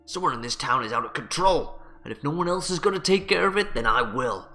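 A man voicing an enraged village husband in a game, loud, fierce and threatening. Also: medium pitch, lively intonation, fairly quick, faint music behind, pitched above the performer's own voice. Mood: furious. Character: furious protective village husband, hot-tempered.

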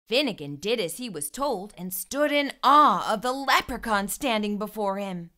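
Woman, kids' storybook read-aloud, expressive narration, bright tone, lively pitch. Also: moderate pace, few pauses. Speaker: children's storytime host.

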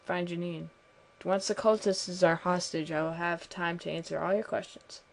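Woman reading a cryptic game prisoner, quiet, measured, slightly low voice. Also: steady tone, vocal fry, a little hiss or hum. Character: calm cryptic fellow prisoner.

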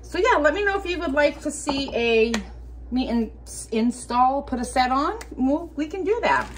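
A woman vlogging casually from home, chatty and rambling, now and then talking to her cats in a soft baby voice. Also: sits high, animated, moderate pace, a little hiss or hum. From United States. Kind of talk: casual day-in-the-life vlog.

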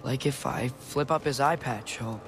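A young man voicing an earnest teenage demigod in a video game, gentle and sincere. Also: mid-range voice, normal speed, music in the background, natural voice. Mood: joking. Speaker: game character.

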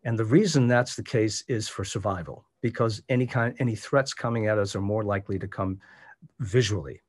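Man coaching on vocal delivery. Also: a little mellow. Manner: measured, demonstrative, varies pitch for emphasis. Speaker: voice coach leading a workshop. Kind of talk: instructional presentation. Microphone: video call.

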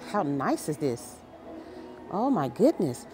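With a lowish, mellow voice and big swings in pitch, a woman vlogs a casual walkthrough of a large indoor furniture store, speaking a little slowly over faint music. She's an enthusiastic shopping vlogger who gushes over every piece and exclaims frequently.

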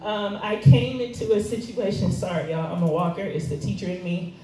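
A woman's voice: mid-range voice, a little fast, warm tone, far from the mic, slight background noise. A woman preaching a casual, chatty sermon, laughing often and joking about herself. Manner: chatty, laughing, self-deprecating. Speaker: guest speaker. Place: church hall. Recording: echoey hall, recorded from afar.

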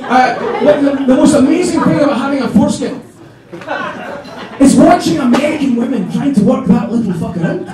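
A Scottish man doing a stand-up comedy set, animated and mock-indignant, with swearing. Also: very high voice, fairly quick, over a noisy crowd. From Scotland. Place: comedy club stage. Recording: echoey club, distant mic, audience laughter. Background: audience laughing.

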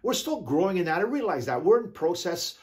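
A man pastor preaching a sermon, reading scripture slowly with drawn-out emphasis and scattering hallelujahs between points. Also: sits high, big pitch swings. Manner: peppers talk with hallelujahs.

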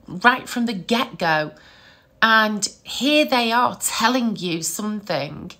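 Bright chatty middle-aged woman. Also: mid-range voice. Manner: chatty, animated, laughs often. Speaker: psychic medium. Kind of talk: casual storytelling to camera.

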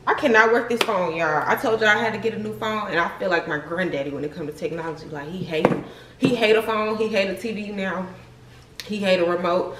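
A woman's voice: medium pitch, steady tone, a little fast. Chatty young woman vlogging, noisy background. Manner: chatty, slangy, laughs often. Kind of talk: casual vlog chat to camera.

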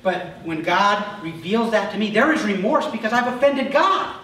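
A male pastor delivering a sermon, emphatic, dropping to soft asides and then rising sharply. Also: high-pitched, normal speed, a little hiss or hum. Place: church sanctuary. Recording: echoey church hall from far off.

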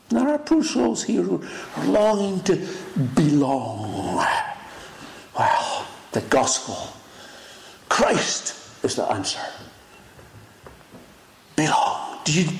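Dramatic preacher in an echoey church. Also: male voice. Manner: dramatic preaching with sudden swings from loud high cries to hushed whispers. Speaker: pastor. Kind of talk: sermon.

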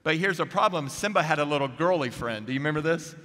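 A man preaching a chapel sermon, energetic and humorous, who keeps putting questions to the crowd. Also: a little high, fast. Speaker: guest preacher. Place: seminary chapel. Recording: echoey chapel hall.

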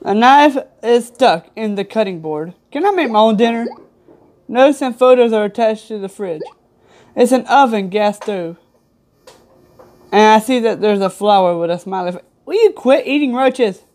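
A woman's voice: medium pitch, moderate pace, a little mellow. A woman giving casual gameplay commentary, reading game text aloud with chatty, offhand asides. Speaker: gamer.

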